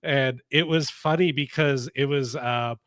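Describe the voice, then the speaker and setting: A man co-hosting a wrestling podcast, chatting and telling stories in an animated way with laughter. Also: medium pitch, unhurried, no echo, clean studio sound. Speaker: podcast co-host. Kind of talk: casual chat, storytelling.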